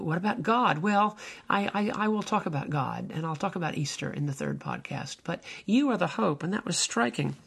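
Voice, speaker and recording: An older man, a minister hosting his own podcast, giving a slow, meandering spiritual monologue full of fillers and restarts. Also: high-pitched, animated, gravelly, a bit bright, breathy edge.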